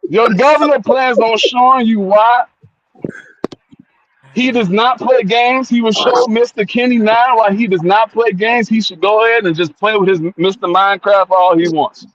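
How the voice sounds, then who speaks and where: A man's voice: sits high, moderate pace, a bit bright, dull audio, slight background noise. A man cutting a pompous in-character wrestling promo, referring to himself in the third person and stammering through repeated words. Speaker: wrestling character at a mock media day.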